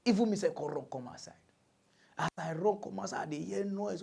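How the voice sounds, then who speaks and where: A man's voice: fairly high pitch, fast talker, vocal fry, slightly rough. A man with a Nigerian Pidgin accent hosting a mock news show, delivering a mocking comic monologue. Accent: Nigerian Pidgin English. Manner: animated, mocking, breaks into shrieking impressions. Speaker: comedy news host.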